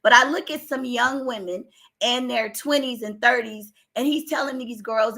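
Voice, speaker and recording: A woman's voice: on the high side, moderate pace, bright, forceful tone. An older woman giving opinionated commentary, talking emphatically and with exasperation, her voice strained. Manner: emphatic, exasperated, rising to outbursts. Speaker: commentary vlogger.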